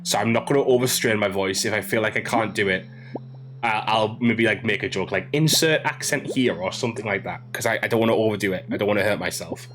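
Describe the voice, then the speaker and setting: A man's voice: lowish voice, fairly even intonation, fast talker, a bit bright, faint music behind. A man who is under the weather hosting a casual, chatty game playthrough with plenty of fillers. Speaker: let's play host. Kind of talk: gaming commentary.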